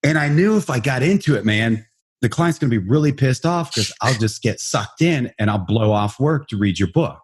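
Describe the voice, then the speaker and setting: A man hosting a podcast in a relaxed, rambling, self-deprecating way. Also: mid-range voice, normal speed, breathy edge. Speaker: podcast host. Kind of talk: casual podcast chat.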